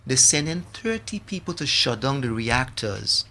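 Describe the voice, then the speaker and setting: Man guest, mid-pitched, earnest preacher manner. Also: sing-song, moderate pace, sharp tone. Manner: earnest, preacherly, scripture-quoting. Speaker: guest, product maker. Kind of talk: casual radio talk with preaching.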